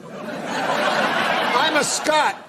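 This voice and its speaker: A man as a talk show guest, telling a meandering joke in a deadpan, rambling way. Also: very high-pitched, very slow, over a noisy crowd, heavy background noise. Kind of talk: rambling comic storytelling.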